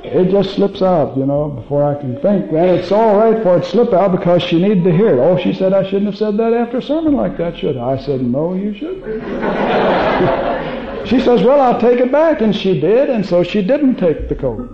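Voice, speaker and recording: A man preaching a sermon, telling stories with animated quoted voices, then praying slowly and softly. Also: high-pitched. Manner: hushed, slow prayer. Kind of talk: sermon with prayer. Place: church sanctuary. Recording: echoey, dull archive sermon recording.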